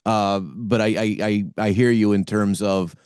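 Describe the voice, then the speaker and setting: A man's voice: lowish voice, fairly even intonation, measured pace, darkish tone, clean tone, dry recording, clean studio sound. A man hosting a podcast interview, enthusiastic and often restarting his sentences. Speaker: podcast host.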